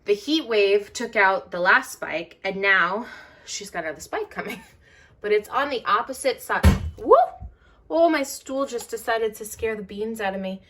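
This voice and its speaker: A woman with a fading, throat-clearing voice giving a rambling, casual vlog tour of her indoor grow room, with many fillers. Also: mid-range voice, normal speed, sharp tone. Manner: chatty and rambling, with many fillers and self-corrections. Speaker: orchid grower and vlogger. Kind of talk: casual show-and-tell vlog. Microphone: handheld camera moved around the room.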